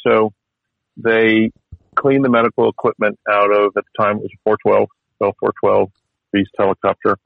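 A man's voice: lowish voice, vocal fry, dry recording, phone-quality sound. A man telling stories in a casual chat, wry and chatty, with many restarts and fillers.

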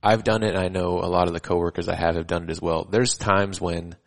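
A firefighter chats in a relaxed, earnest way and swears casually. His voice is very deep and gravelly. His pitch barely moves. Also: fast. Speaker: podcast host, firefighter. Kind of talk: casual chat.

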